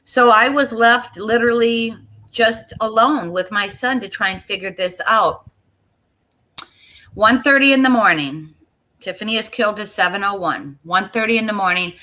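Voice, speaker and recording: Earnest middle-aged woman, bright voice. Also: mid-range voice, poor audio. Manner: earnest, halting with pauses and repeats, speaks straight to listeners. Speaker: interview guest. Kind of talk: emotional personal account in an interview.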